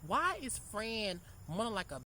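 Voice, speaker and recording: A woman's voice: mid-range voice, sing-song, a little slow, pushed and bright, a little hiss or hum, low-quality recording. Sassy young woman telling a story. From Memphis, Tennessee. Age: 20s. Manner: sassy, brash, keeps calling the audience girl and honey. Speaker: vlogger. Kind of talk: casual storytime.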